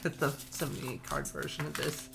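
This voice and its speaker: A woman's voice: a bass voice, big pitch swings, a little fast, vocal fry, background noise. A middle-aged woman with a New York accent, chatting casually in a vlog, gushing and laughing often. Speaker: tarot deck collector and reviewer.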